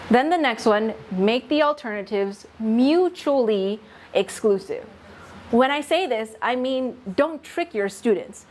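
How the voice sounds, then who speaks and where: Leading a teaching workshop for faculty, a woman walks through test writing patiently, offering worked examples and laughing lightly. Her voice is on the high side, a little mellow, with lively intonation and a measured pace; slight background noise is present.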